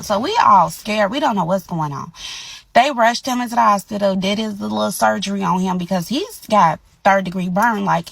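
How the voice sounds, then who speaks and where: A woman, telling a personal story in a casual, animated, emphatic way. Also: mid-range voice, gravelly, slightly rough, dry recording. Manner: animated, emphatic retelling with colloquial speech.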